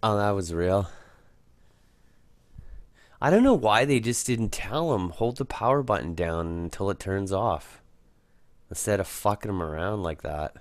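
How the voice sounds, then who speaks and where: A man hosting a podcast, chatting in an amused, relaxed way about a recording. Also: on the low side, unhurried, pauses often, dry recording. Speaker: podcast host. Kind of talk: casual chat.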